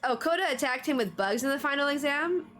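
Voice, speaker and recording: A woman's voice: high-pitched, expressive, brisk, fairly bright tone. A woman streamer chatting casually on a livestream, full of fillers and frequent laughs. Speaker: streamer reviewing anime trivia.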